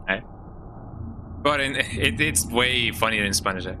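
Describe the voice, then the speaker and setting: A man's voice: on the low side, measured pace, long pauses, bright, forceful tone, slight background noise, rough recording. A man streaming a game, playfully reading the characters' lines aloud and tacking a jokey "eh?" onto them. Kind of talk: casual gameplay commentary. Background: game music.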